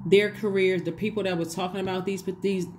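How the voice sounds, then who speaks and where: A woman's voice: medium pitch, steady tone, a little fast, background noise. A woman giving a casual spiritual tarot reading, talking earnestly and coaching her listeners, repeating herself and often asking "right?". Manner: repetitive, earnest, coaching, with frequent "right?" and restarts. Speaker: tarot reader.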